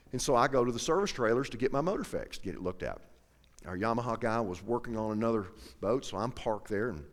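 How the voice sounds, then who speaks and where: A man telling a folksy, animated story to a live audience, acting out both sides of the conversation. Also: medium pitch. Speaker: professional angler speaking to an audience. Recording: echoey hall with long reverb.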